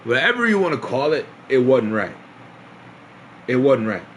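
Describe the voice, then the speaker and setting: A man's voice: medium pitch, sing-song, normal speed, a bit bright, slight background noise. A young man streaming, telling a long story in a casual, rambling way, full of slang, swearing and repeated phrases.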